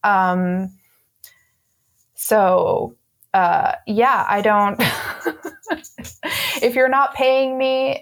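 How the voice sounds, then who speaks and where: A woman speaking in an interview as a burlesque performer, frank and sassy, with many ums and frequent laughs. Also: on the low side. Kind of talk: candid interview talk.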